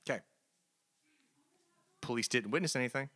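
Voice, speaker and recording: A man's voice: medium pitch, moderate pace, sharp tone. A man co-hosting a casual comic book review podcast, recapping the story with sarcastic mockery and rhetorical questions. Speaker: podcast co-host.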